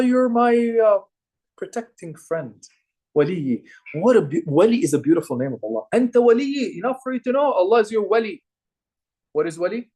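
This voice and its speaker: A young man giving a lively religious lecture to a live group, asking the audience questions and repeating phrases for emphasis. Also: high voice. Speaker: religious teacher.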